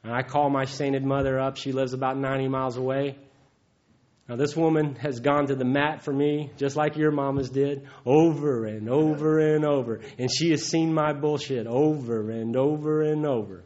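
A man's voice: medium pitch, fairly even intonation, normal speed, a little mellow. A man gives a heartfelt, folksy personal testimony at a recovery meeting, often chuckling. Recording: dull lo-fi recording.

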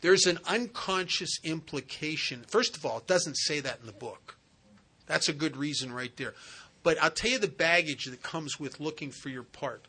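A man's voice: on the high side, normal speed, pushed and bright, husky. A man speaking at a recovery meeting as a sponsor, telling a personal story in an earnest, conversational way.

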